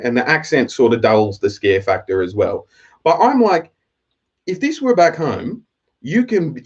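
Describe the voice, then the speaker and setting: A man's voice: medium pitch, highs cut off. Profane, rambling man storyteller. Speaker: live-stream host. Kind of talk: casual storytelling monologue.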